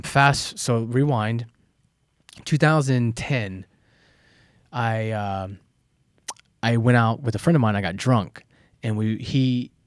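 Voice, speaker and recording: A man's voice: mid-range voice, dry recording, clean studio sound. Candid American man telling army stories. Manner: candid, animated, acts out quoted voices. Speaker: guest; former Army soldier. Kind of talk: casual storytelling interview.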